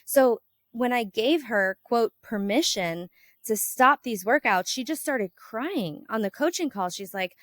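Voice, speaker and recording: A woman hosts a casual health podcast, chatting in a somewhat high voice. She tells stories with animation, acting out quoted lines and leaning on "like" as a filler. The sound is close and dry, with no room echo. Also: a little slow. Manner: animated storyteller, acts out quoted exchanges with sudden lifts in pitch and volume; frequent "like" fillers. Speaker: podcast host and health coach.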